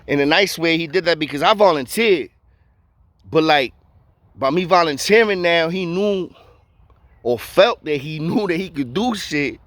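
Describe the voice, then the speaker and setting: A man's voice: a little high, animated, measured pace, a bit bright, no echo. A man telling a story in a casual way, full of street slang and acting out the voices of the people in it.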